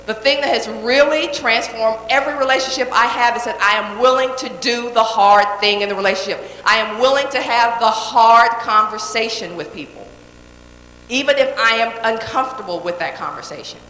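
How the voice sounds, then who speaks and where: A woman's voice: a little high, normal speed, bright, forceful tone, slight background noise. A woman giving a motivational talk to a live audience, direct and emphatic, repeating key phrases and checking in with the crowd. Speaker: motivational speaker. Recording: echoey hall with long reverb.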